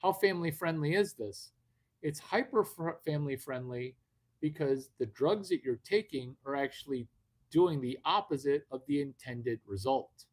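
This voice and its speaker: A man's voice: fairly high pitch, normal speed. A man hosting a live video stream, talking brashly and rambling at his viewers with a lot of swearing. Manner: brash, profane, rambling, addresses viewers directly. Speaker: livestream host. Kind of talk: unscripted livestream talk.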